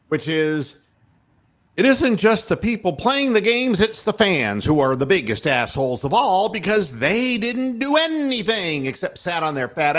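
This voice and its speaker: Slow, animated, cursing podcast host. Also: male voice, on the high side. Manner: grumbling, sarcastic, swears freely. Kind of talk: profane rant.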